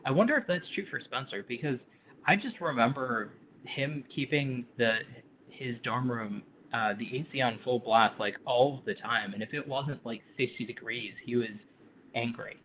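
A man's voice: mid-range voice, moderate pace, a little hiss or hum. A man co-hosting a podcast in casual chat, rambling with lots of filler words. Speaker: podcast co-host. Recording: tinny phone-like line.

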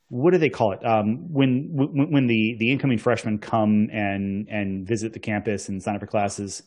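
A young man telling a story in casual podcast chat, halting with many ums and restarts. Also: fairly low pitch, darkish tone.

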